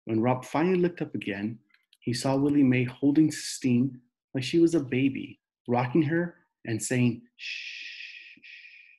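A man reading a novel aloud in slow, steady narration. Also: mid-range voice, poor audio. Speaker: reader.

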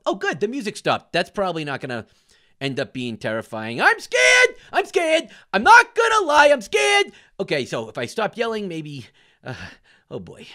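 A man voicing a jittery, wisecracking talking orange who hosts cartoon game commentary, yelping and joking as he plays. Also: fairly high pitch. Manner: jumpy, yelps and shouts when startled, jokey asides. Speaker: gaming host. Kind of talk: cartoon let's-play commentary.

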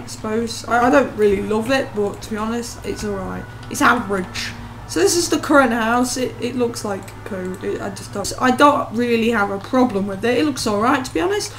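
A woman's voice: fairly high pitch, a little hiss or hum. Rambling woman doing gameplay commentary. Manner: rambling, self-mocking, jokey. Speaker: let's play host.

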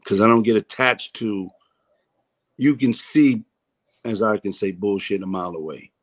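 A man's voice: fairly low pitch, normal speed. A man, a comedian guest in a casual interview, telling a story candidly, swearing freely and acting out the voices he quotes.

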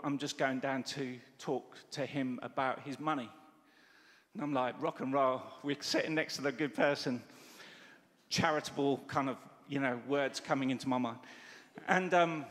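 A middle-aged man preaching a sermon, telling stories with lively quoted dialogue. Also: medium pitch. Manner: animated storytelling with quoted dialogue. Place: church hall. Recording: church hall reverb.

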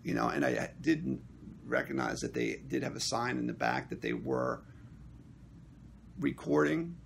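Man, gravelly voice, animated storytelling, casual vlog recap, lively pitch. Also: measured pace, slight background noise. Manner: animated storytelling, acting out quotes. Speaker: actor and union member.

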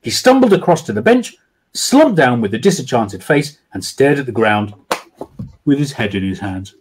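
A man's voice: mid-range voice, big pitch swings, moderate pace, noisy background. A man, an author, reading his children's book aloud over a video call with dramatic storytelling.

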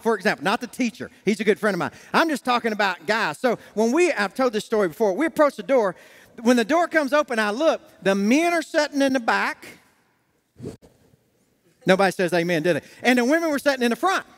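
A man's voice: sits high, a bit bright. A man preaching a sermon as pastor, telling a folksy personal story and acting out the dialogue. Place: church sanctuary. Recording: long church hall reverb.

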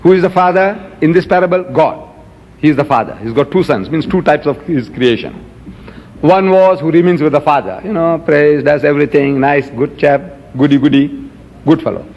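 A man's voice: fairly high pitch, moderate pace, darkish tone, a little hiss or hum. A man giving an emphatic religious lecture to an audience, quoting scripture with dramatic swings in his voice. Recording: dull lo-fi archive recording in a reverberant hall.

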